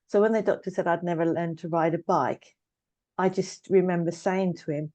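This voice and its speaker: A woman's voice: fairly low pitch, fairly even intonation, normal speed, dark tone, dry recording. Give me a woman in her fifties telling her story plainly and evenly, close and dry on the mic. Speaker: guest, trauma coach and therapist. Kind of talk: personal story in casual conversation.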